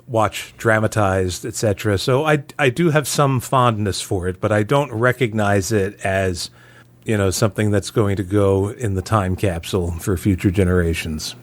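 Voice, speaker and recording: A man's voice: on the low side, normal speed. A man as a podcast guest in a casual review chat, reflective and chuckling often as he talks.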